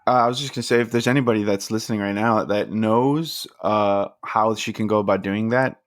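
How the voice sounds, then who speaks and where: A male podcast co-host speaks fairly quickly in a fairly low voice with fairly even intonation, chatting casually and hesitantly with many fillers. The recording is dry, with clean studio sound.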